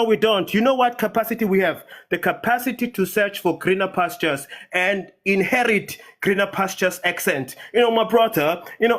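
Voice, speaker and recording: Guy from nigeria going off in an online debate, high voice, fired up and repetitive. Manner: impassioned, ranting, repeats words for emphasis. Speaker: debate participant. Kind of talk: heated live audio-room debate.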